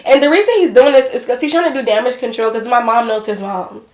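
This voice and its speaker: A young woman in her twenties tells a storytime vlog in a casual, lively way, calling her viewers y'all and girl. Her voice sits a little high. The room around her is echoey. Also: quick pace. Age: 20s. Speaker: vlogger.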